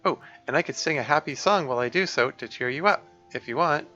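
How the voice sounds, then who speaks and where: A man putting on a cheerful young woman who won't let a friend brush her off. She sounds raised and bright, eager and coaxing, gently insistent. The recording is a little muffled, with faint music behind. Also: fairly high pitch, fast talker, pitched above the performer's own voice. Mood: encouraging. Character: caring, persistent young woman, upbeat friend.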